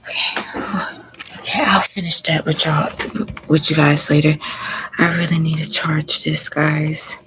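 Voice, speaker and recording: A woman hosting a live stream, signing off to her viewers in a relaxed, informal way. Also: low-pitched, a little slow, noisy background. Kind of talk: casual sign-off to viewers.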